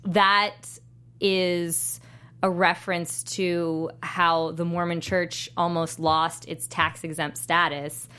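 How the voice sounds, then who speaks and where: A woman on a podcast talks in an animated, chatty way, with a lot of "like" and "um". Her voice sits a little low, and she laughs as she talks. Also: slow pace, clean tone. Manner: animated, filler-heavy, laughing while talking. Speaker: podcast co-host. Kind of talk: casual chat.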